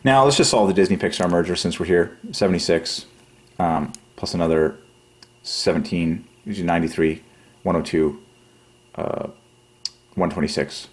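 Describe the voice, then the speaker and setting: A man hosting a religious channel, rambling through a numerology monologue, excitable and giggly, then dropping to low quiet mumbling while he counts. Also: normal speed, long pauses. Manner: giggly, excitable, breaks into high laughs. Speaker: religious YouTube channel host.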